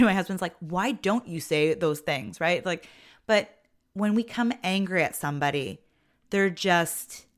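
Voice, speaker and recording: A middle-aged woman talks through her own podcast episode in a loose, chatty way, leaning on "like" as she goes. Her voice sits a little low for a woman, and she sounds expressive and personal, as if telling a friend about her week. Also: smooth. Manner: chatty and expressive, with frequent "like" and an occasional laugh. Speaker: podcast host and mother. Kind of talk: casual personal monologue.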